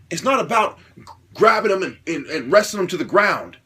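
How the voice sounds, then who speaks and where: A self-styled martial artist rants to camera in an opinionated monologue, lecturing with repeated rhetorical questions and swearing. He grows louder and higher as he gets worked up, with big pitch swings, a moderate pace and a breathy edge.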